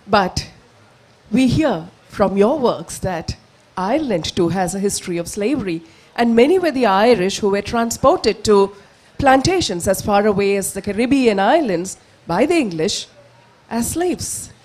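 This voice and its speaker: A woman moderating a literature festival panel, asking her questions in a measured, formal way. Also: mid-range voice, expressive, darkish tone.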